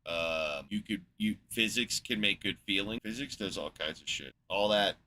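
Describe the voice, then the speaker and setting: A man's voice: lowish voice, moderate pace, pushed and bright, slight background noise. A man hosting a podcast in casual chat, rambling and sarcastic with a lot of swearing. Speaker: podcast host.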